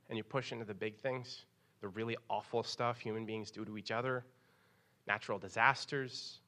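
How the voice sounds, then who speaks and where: A young man preaches a sermon in a bright, forward voice. He talks casually and animatedly, leaping up in pitch whenever he acts out what someone said. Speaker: pastor.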